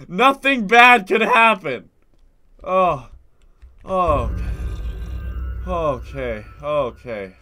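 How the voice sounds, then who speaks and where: Jumpy young man with a stuffy nose. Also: sharp tone. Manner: jumpy, swings from low muttering to sudden screams. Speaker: gaming video host. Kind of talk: horror game commentary.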